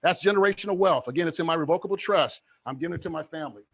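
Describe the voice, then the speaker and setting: High-voiced energetic man pitching real estate. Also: very fast, gravelly, highs cut off. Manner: energetic, asks the audience rhetorical questions. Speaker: real estate investing speaker. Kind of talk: motivational online presentation.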